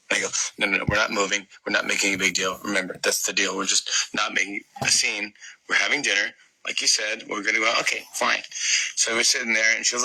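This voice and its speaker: A middle-aged man in an interview, telling a story in an animated way and acting out the voices of the people in it. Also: lowish voice, low-quality recording. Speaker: comedian guest.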